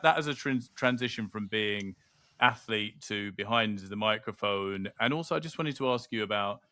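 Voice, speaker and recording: A man's voice: on the low side, pushed and bright, no echo. A man co-hosting a podcast, enthusiastic, often repeating words and restarting his sentences. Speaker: podcast co-host. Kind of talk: casual podcast conversation.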